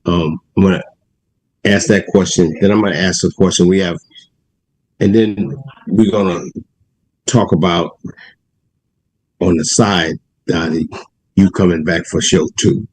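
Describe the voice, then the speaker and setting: A man's voice: sits low, fairly even intonation, a little hiss or hum, low-quality recording. A man hosting a conversation, reacting briefly and reading questions from the chat to his guest. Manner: reads audience questions, quick affirmations. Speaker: host. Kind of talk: casual chat.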